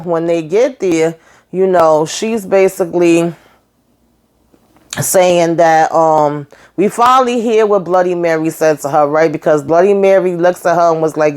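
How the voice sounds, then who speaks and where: A woman's voice: on the low side, unhurried, a little mellow. A woman casually recapping a TV episode, chatty and sassy, calling her viewers girl and honey. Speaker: show reviewer recapping an episode.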